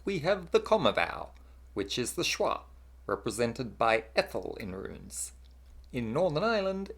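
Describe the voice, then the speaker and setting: A narrator delivering a scripted lesson on accents. The pitch rises and falls in a lively way, and the reading sounds explanatory and even.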